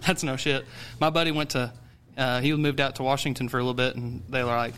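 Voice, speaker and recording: A man's voice: mid-range voice, flat delivery, quick pace, a bit bright, smooth. A man from Southern Illinois, a guest musician, chatting in a rambling way with lots of fillers. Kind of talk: casual interview chat. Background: guitar music.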